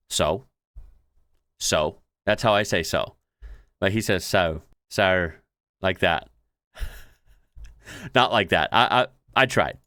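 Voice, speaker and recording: A man's voice: on the low side, bright, forceful tone, no room sound, clean studio sound. An American man hosting a reaction video, chatting in a laid-back way and laughing often. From United States. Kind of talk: casual reaction commentary.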